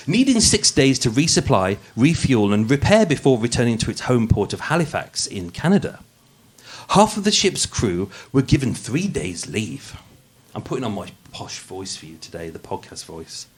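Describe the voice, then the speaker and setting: This true-crime host from Birmingham, England, tells his story on the fly, cracking jokes and tripping over himself before starting again. He speaks at a normal pace in a slightly rough, mid-range voice that swings widely in pitch.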